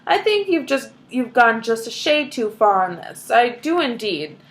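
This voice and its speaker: A woman's voice: a little high, very animated, a little slow. Woman reading as a pompous stuffy father. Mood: indignant. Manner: stiff, formal complaining.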